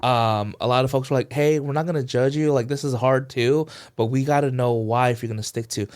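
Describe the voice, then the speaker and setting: A man co-hosting a casual podcast, retelling an experience with an easy, chatty flow. His pitch sits in a middle range, and he slips into acted-out quotes while piling up "like" as a filler. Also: a little fast. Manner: animated retelling, acts out quoted voices, fillers like "like". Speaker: podcast co-host. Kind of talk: casual storytelling chat.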